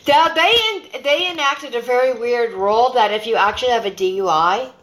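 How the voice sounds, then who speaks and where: Chatty american lady on a podcast, kinda high voice, lots of laughing and restarts, roomy echo. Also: normal speed, heavy background noise. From United States. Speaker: guest podcaster. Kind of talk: casual chat.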